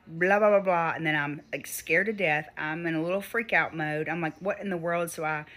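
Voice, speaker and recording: A woman's voice: low-pitched, fairly even intonation, a little fast, sharp tone. A woman casually telling an anxious story. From Mississippi. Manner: anxious, acts out the other voices in quotes. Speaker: storyteller on social video.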